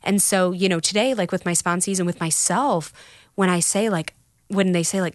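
A woman's voice: fairly low pitch, steady tone, moderate pace, dry recording, studio quality. A woman talking candidly about recovery in a casual podcast chat, telling stories with quoted voices.

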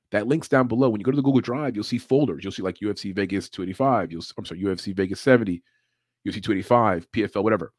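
Casual male podcast host, a bit low-pitched, swears freely, laughs a lot, dry close sound. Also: dry recording. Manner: loose, profane, laughs often. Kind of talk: casual livestream chat.

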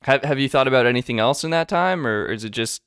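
A man's voice: mid-range voice, expressive, fast, a bit bright, clean tone, no room sound, studio quality. A man co-hosting a podcast, putting on a mock Australian accent in playful, rambling banter. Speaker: podcast co-host.

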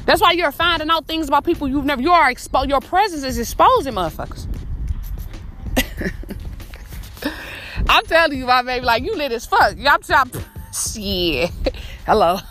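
A woman's voice: sits high, expressive, normal speed, pauses often, pushed and bright. A woman in her twenties hosting a podcast, giving a profane, emphatic motivational pep talk straight to her listeners. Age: 20s. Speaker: podcast host.

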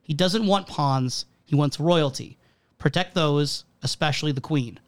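A man's voice: a little high, a little slow. A man co-hosting a casual chat, analytical and wry, with a self-deprecating streak. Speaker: podcast co-host.

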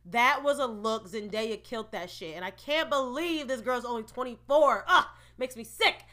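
A woman's voice: on the high side, moderate pace, pushed and bright. A woman vlogger giving a chatty, opinionated recap of an awards show, with laughing asides. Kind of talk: casual entertainment recap.

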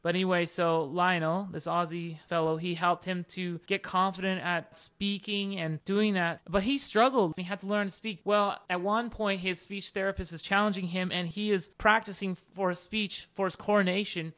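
An earnest preacher teaching in an informal sermon style, weaving stories into the message. The voice is smooth and resonant, pitched in a middle range. Key declarations swell into loud, emphatic statements. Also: fairly even intonation, moderate pace, few pauses. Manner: retells stories with repeated "and all of a sudden".

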